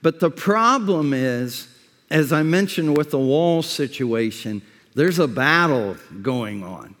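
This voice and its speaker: A man's voice: on the high side, expressive, slow, fairly bright tone. A man preaching a sermon as pastor, stressing points and putting questions to the congregation. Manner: emphatic preaching with repeated words and questions to the congregation. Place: church sanctuary. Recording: long hall reverb.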